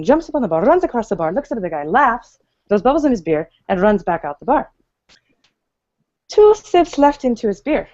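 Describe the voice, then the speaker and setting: A woman's voice: a little high, darkish tone. A woman telling a bar joke in casual chat, doing the quoted voices as she goes. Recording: dull lo-fi sound.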